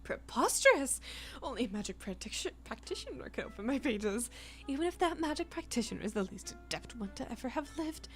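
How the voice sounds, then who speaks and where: A woman's voice: fairly high pitch, very animated, a little fast, soft background music. A woman voicing a haughty, grandiose male talking spellbook in a game, indignant and old-fashioned in phrasing. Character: pompous haughty male magic talking book. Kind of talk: reading game dialogue aloud.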